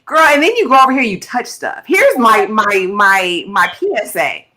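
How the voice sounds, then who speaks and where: A bright, forceful woman co-hosts a casual TV recap. She talks in an animated, exclamatory way and often slips into short acted-out lines from the characters. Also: medium pitch, moderate pace. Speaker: TV review show co-host.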